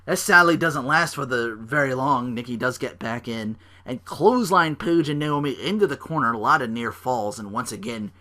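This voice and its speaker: A man's voice: mid-range voice, bright, forceful tone. A man hosting a solo podcast, rambling with lots of "like" fillers and restarts. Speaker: podcast host.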